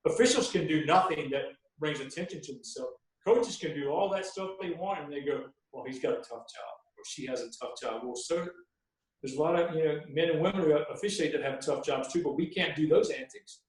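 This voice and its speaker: Brisk and a little high-voiced, this veteran basketball referee shares stories on a podcast interview in a very echoey room. He tells them in a folksy way, acting out the things he says to coaches on the sideline.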